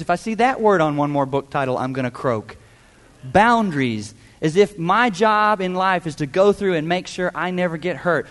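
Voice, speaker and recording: Male pastor, high voice, emphatic sermon delivery, reverberant church hall. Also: a bit bright. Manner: emphatic, rhetorical questions, mimics voices.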